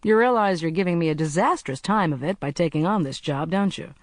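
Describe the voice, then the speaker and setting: A narrator voicing a cheerful, brisk young male agent in an audiobook. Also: mid-range voice, no echo, clean studio sound, lightly acted. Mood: breezy. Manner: brisk, blithe, chatty. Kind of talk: audiobook character voice.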